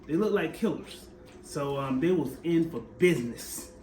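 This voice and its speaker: A man's voice: a little high, normal speed, a little mellow. A man co-hosting a casual TV recap chat, giving blunt, emphatic opinions. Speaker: podcast co-host. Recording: echoey room with faint noise.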